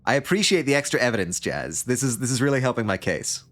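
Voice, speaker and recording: A man's voice: medium pitch, sing-song, quick pace, few pauses, fairly bright tone. A man livestreaming a story game, reading it aloud and joking along in a rambling, casual way. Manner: joking, rambling, with frequent laughs. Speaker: streamer.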